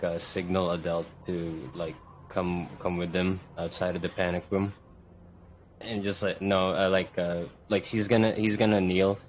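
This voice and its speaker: A low-voiced man in a casual tabletop game hesitantly describes what his character does, filling his speech with fillers. The audio is poor, with a little hiss or hum.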